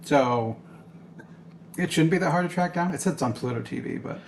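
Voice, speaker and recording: A man's voice: fairly high pitch, moderate pace, slight background noise. A man co-hosting a casual movie-review podcast, easygoing and chatty, backing his co-host with frequent agreeing murmurs and small laughs.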